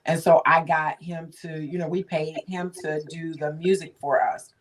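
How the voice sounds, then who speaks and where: A woman's voice: deep voice, level tone, moderate pace, far from the mic, poor audio. A woman hosting a casual chat, affirming her guest and telling her own story with frequent laughs. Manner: chatty, affirming, laughs often. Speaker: host.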